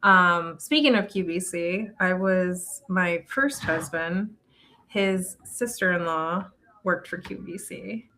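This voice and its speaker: A woman's voice: lowish voice, takes it slowly, bright, forceful tone. Chatty middle-aged woman recapping gossip. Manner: chatty, gossipy, trails off and restarts. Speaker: podcast co-host. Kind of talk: casual reality-TV recap chat.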